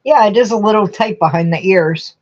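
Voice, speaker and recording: A woman's voice: medium pitch, fairly quick. A middle-aged woman hosting a casual craft livestream, chatting with viewers and reading out their comments in an emotional, affectionate way. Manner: warm, emotional, talks to viewers as honey. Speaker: livestream host. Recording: dull lo-fi stream audio.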